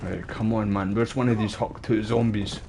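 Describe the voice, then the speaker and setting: Chatty Scottish man, low voice. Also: fairly even intonation, moderate pace, noisy background. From Scotland. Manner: rambling, chatty, uses local slang. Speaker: streamer. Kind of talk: casual gameplay chat.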